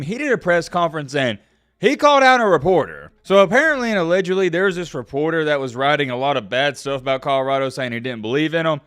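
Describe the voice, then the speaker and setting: A man giving casual sports commentary, animated and excitable, talking straight to his viewers. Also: mid-range voice, dry recording, studio quality.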